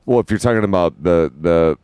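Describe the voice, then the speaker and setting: Man co-host, extremely deep voice, lively intonation, dry sound. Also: fairly quick, smooth, dry recording. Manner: loud, joking, jumps between topics. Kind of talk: casual banter.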